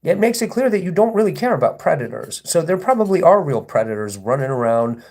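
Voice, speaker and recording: A man's voice: fairly high pitch, very animated, brisk, darkish tone. A man hosting a livestream, talking to his chat in an indignant, sarcastic, rambling way with frequent restarts. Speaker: livestream host. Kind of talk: livestream monologue addressing chat.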